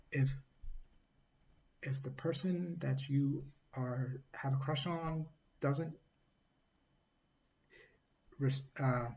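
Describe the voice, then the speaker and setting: A man talking casually through a book review, halting often with fillers and restarts and reading quotes aloud. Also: medium pitch, warm tone, highs cut off.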